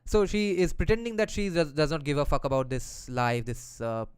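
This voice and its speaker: Man, reads passages then explains them, casual slangy teaching, smooth resonant voice. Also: fairly high pitch, lively intonation, moderate pace, no room sound. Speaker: lecturer explaining a philosophy text.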